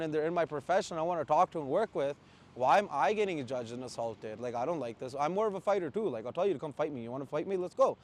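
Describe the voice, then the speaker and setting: A man from Canada, a truck driver, ranting in blunt, profane casual talk with angry outbursts. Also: on the high side. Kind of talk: heated casual rant.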